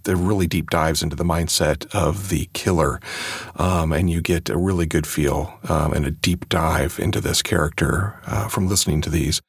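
A man's voice: very deep voice, normal speed, vocal fry, husky, no echo, studio quality. A man who narrates audiobooks, talking casually and chattily on his own podcast. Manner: relaxed and chatty, with fillers.

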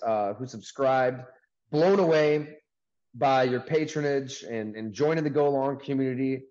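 A man hosting a casual sports podcast over a video call from a sports bar, talking in an upbeat, chatty way with quick asides. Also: medium pitch, darkish tone, muffled recording. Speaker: podcast host.

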